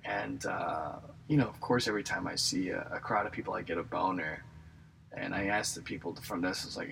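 A man's voice: deep voice, fairly quick, vocal fry, fairly bright tone, slight background noise, low-quality recording. A young man talking in a rambling, self-deprecating casual monologue, joking and restarting often. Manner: self-deprecating, jokey, lots of fillers and restarts. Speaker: aspiring comedian and actor.

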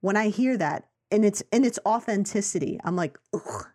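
A woman from New York co-hosting a film review chat, talking casually with lots of quoted reactions and quick asides. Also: medium pitch, animated, warm tone. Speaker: film review podcast co-host.

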